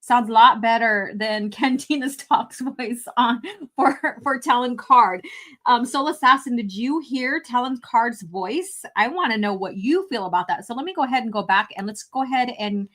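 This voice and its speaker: A woman's voice: a little high, animated, moderate pace, fairly bright tone. A woman live-streaming a fan film review, talking casually, laughing and swearing often.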